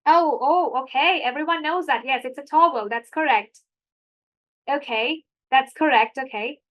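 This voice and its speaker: A woman's voice: sits high, measured pace, fairly bright tone. A young adult woman tutor giving a live online English lesson, chatty and explanatory with many asides.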